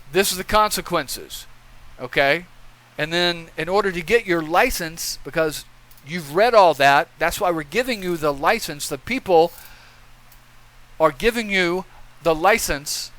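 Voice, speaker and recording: A man's voice: on the high side, pushed and bright, rough recording. Blunt, profane ranting male commentator. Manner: lecturing, repeats points with "okay?". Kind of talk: opinion commentary.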